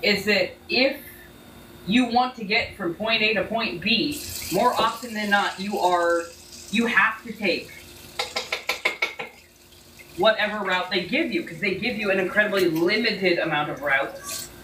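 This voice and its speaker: A woman's voice: mid-range voice, a little slow, long pauses, background noise. A woman hosting a casual livestream, ranting heatedly with lots of swearing and a slight Southern accent. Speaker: tarot livestream host.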